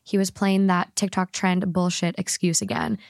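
A woman hosting a podcast, reading a story aloud in a lively voice and laughing often. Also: mid-range voice, gravelly, no echo, studio quality. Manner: animated, laughs often, reads quickly. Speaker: podcast host.

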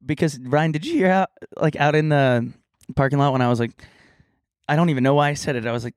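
A man co-hosting a casual podcast chat, telling stories in an animated way. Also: fast talker, no room sound, studio quality. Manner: animated storyteller, bursts into loud high impressions. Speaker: podcast co-host.

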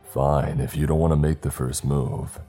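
A man voicing a hulking, rabid male beast-man villain who taunts and threatens in a deep voice. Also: level tone, normal speed, warm tone, soft background music. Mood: menacing taunts.

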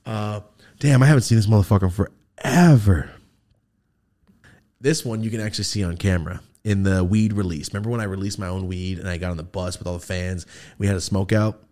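A man's voice: on the low side, steady tone, brisk, darkish tone. A man hosting a podcast, telling funny stories about his friends in a casual, profane way and laughing often. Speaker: podcast host. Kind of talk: casual comedic storytelling.

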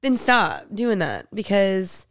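A woman co-hosting a podcast, sassy and playful, quipping quickly and acting out quotes. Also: medium pitch, big pitch swings, fairly bright tone, dry recording, clean studio sound. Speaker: podcast co-host. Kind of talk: casual chat.

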